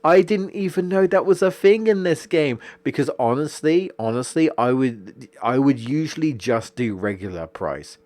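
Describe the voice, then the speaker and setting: A man's voice: medium pitch, expressive, moderate pace, few pauses, a little mellow. A young man streaming a video game, ranting casually with lots of swearing and exasperated jokes. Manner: profane, exasperated, jokey rants. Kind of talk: casual gaming stream commentary.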